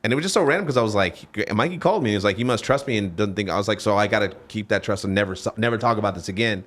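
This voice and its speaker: A man with a lowish voice talks fast and candidly on a podcast. He rambles and restarts his sentences, sharing personal stories in casual chat. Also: a bit bright. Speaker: podcast host.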